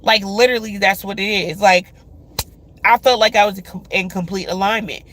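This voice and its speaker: A woman's voice: medium pitch, steady tone, moderate pace, fairly bright tone. A woman hosting a love reading, talking casually to her viewers with lots of filler words. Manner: chatty, many filler words; speaks to viewers directly.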